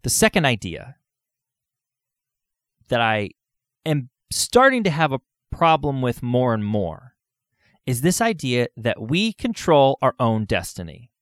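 An earnest man in a solo podcast monologue, speaking at a middling pitch. He poses rhetorical questions to his listeners. He is close to the mic, and the sound is dry. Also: very animated, slow, long pauses, a bit bright, no room sound.

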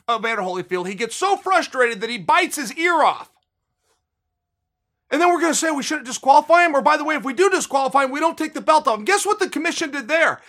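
A man's voice: very high voice, sharp tone. A man hosting a sports podcast, talking in an emphatic, indignant way and repeating phrases for emphasis. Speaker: podcast host. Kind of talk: heated sports commentary.

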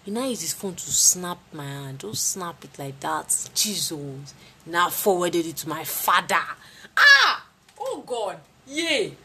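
A young woman with a Nigerian accent telling a personal story in a casual, dramatic way, with sudden leaps in pitch. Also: measured pace, slight background noise. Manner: lively, dramatic retelling with sudden jumps in pitch.

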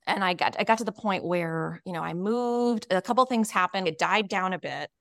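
A woman's voice: mid-range voice, moderate pace, creaky, a bit bright, no room sound, clean studio sound. A woman who writes and coaches, telling a personal story in a podcast interview, earnest and frank, with many "you know" and "like" fillers. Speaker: podcast guest, author and coach.

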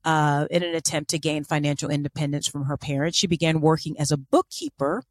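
Chatty woman with a low voice. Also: fairly quick, dry recording, studio quality. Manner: chatty and irreverent, apologetic about pronunciation. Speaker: podcast co-host. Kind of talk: casual storytelling chat.

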